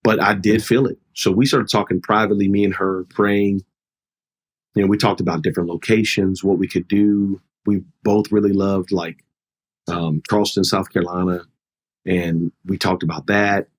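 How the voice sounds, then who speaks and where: A man's voice: deep voice, flat delivery, normal speed. A middle-aged man, a pastor, telling a personal story in an earnest, heartfelt, conversational way. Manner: earnest, heartfelt, re-enacts dialogue. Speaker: pastor, guest.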